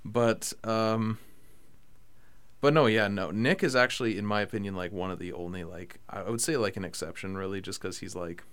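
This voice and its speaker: A man's voice: fairly low pitch, moderate pace, clear, resonant tone. Rambling young man hosting a chat. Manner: rambling, excitable, lots of fillers. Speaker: podcast host. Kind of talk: casual chat.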